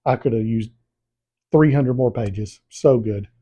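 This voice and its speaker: A man's voice: mid-range voice, unhurried, breathy edge. A man, a book vlogger chatting casually and animatedly retelling a story. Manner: animated storytelling, acts out scenes. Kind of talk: casual book review chat.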